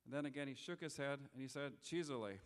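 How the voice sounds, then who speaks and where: A middle-aged man speaking as a guest lecturer, telling stories in an earnest, unhurried way with frequent restarts. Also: mid-range voice, fairly even intonation, clean tone. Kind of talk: public lecture with storytelling. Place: lecture hall.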